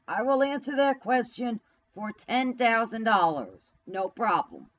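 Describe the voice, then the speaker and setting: Slow, blunt woman rambling at her chat. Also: a little high, animated, dull audio. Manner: rambling, blunt and profane, talks back to chat. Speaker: live streamer chatting with viewers. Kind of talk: casual live-stream chat. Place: home in New York. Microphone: camera mic.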